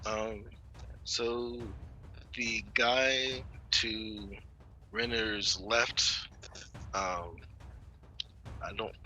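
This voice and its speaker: Bright-voiced man playing a tabletop game. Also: fairly low pitch, fairly even intonation, extremely slow, pauses often, a little hiss or hum, rough recording. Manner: chatty, laughs often. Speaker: player. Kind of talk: casual tabletop play.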